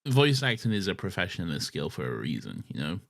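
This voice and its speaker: Chill dude on a film podcast, dry humour, expressive pitch. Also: male voice, fast, gravelly. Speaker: podcast co-host. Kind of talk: casual film-review chat.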